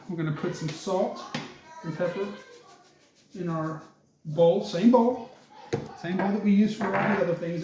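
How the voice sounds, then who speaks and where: In a kitchen that echoes with loud clatter, a male cooking instructor with a slightly high voice gives a relaxed demonstration, chopping and prepping as he chats. He talks the whole time he works, addressing viewers as "folks," with background noise behind him.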